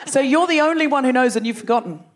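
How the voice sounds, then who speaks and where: A woman with a high, bright voice works a live theatre crowd as a comedy podcast host. She teases and banters with an animated delivery, speaking into a stage microphone. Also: fast, very noisy. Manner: teasing, animated, laughing between jokes. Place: large theatre stage before a live audience.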